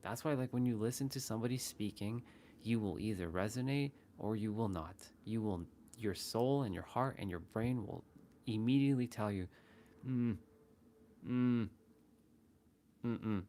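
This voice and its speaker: A man's voice: lowish voice, normal speed, dark tone, slight background noise. A man hosting a casual motivational livestream, talking earnestly and repeating phrases as he shows different ways of saying the same words. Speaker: livestream host.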